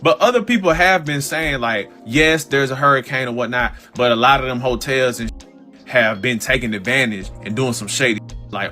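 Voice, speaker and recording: A man's voice: medium pitch, pushed and bright. A man giving casual, profane reaction commentary in an exasperated tone. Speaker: commentary host.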